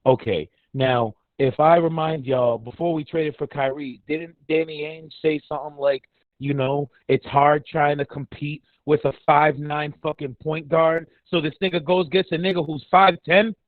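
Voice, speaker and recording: A man's voice: fairly high pitch, fairly even intonation, moderate pace, no echo. A man, from a Dominican family, delivering a heated, profane, sarcastic sports rant as a podcast co-host. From Dominican heritage. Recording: dry, tinny phone-like line.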